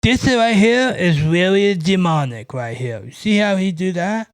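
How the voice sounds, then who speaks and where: A gullible, excitable young conspiracy buff, as a man puts him on, with a slightly higher voice. He keeps pointing things out in a close, dry sound. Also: measured pace, smooth, no echo. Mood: alarmed.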